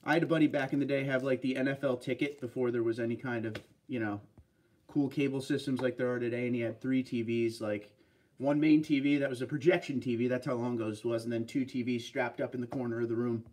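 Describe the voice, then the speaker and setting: Relaxed man hosting a chat livestream. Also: medium pitch, fast, recorded from a distance. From Pennsylvania. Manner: relaxed, chatty, reads viewer comments aloud. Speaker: livestream host reading chat. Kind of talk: casual live chat.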